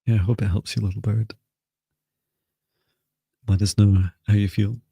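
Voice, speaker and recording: A man's voice: fairly low pitch, level tone, normal speed, creaky, warm tone, breathy edge, dry recording. A man hosting a live-stream psychic reading session, chatting casually and light-heartedly while waiting on viewers.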